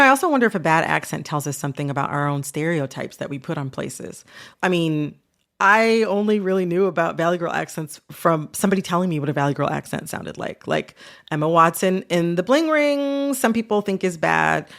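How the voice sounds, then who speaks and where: A woman's voice: lowish voice, expressive, brisk, creaky. A woman hosting a podcast interview, chatty and casual, peppering her talk with "like" and "you know". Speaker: podcast host. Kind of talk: conversational interview.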